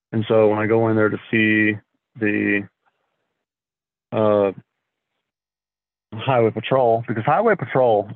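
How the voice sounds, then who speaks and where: A man telling his story as a podcast guest, in a halting, casual way, often clearing his throat and filling gaps with fillers. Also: lowish voice, no room sound. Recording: thin phone-like sound, dry.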